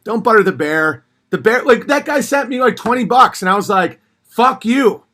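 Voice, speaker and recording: Man, livestream host, high voice, bright tone, blunt and profane, animated chat. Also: fairly quick.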